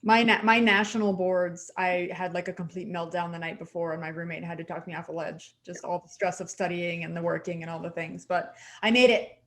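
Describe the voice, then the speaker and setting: Animated encouraging woman co-host. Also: on the low side, brisk, hardly any pauses. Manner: animated, encouraging, says "like" often. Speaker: podcast co-host, dental hygienist. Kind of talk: casual chat.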